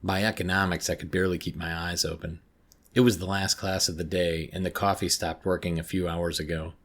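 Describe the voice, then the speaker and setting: Husky low-voiced man narrating horror. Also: little pitch movement, fairly quick, a bit bright. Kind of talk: first-person horror story narration.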